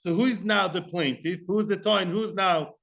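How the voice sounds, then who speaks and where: Lively male Talmud teacher, high voice, acts out dialogue, dull lo-fi sound. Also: brisk, vocal fry. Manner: animated, mixes Hebrew and Aramaic terms, acts out dialogue. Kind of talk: lively Talmud class lecture.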